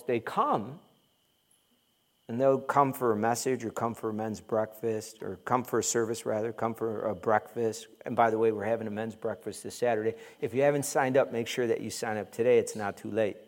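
A man preaching a conversational sermon as pastor, joking and mimicking complaining churchgoers. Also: mid-range voice.

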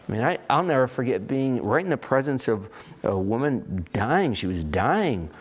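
A man preaching a sermon as pastor, animated and expressive, voicing little asides and firing rhetorical questions. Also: medium pitch, normal speed, breathy edge.

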